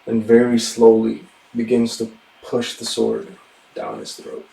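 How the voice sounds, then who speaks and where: A man narrates a tabletop game as game master, taking his time in a hushed, deliberate way. His voice is dark and relaxed. The sound is roomy and a little distant. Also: medium pitch, creaky.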